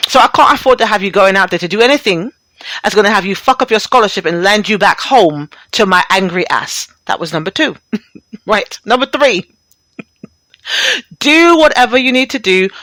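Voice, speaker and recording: A woman's voice: mid-range voice, lively intonation, fairly quick, a bit bright, dry recording. A middle-aged woman hosting a talk radio show, chatting bluntly and profanely and laughing often as she reads and riffs.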